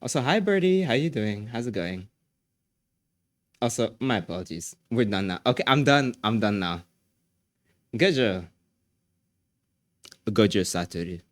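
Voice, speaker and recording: A man with a fairly low voice chats casually on a live stream, joking and breaking into laughter often. His talk is loose and full of fillers. The sound is dry and close, with no room around it. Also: big pitch swings, unhurried, long pauses, no echo.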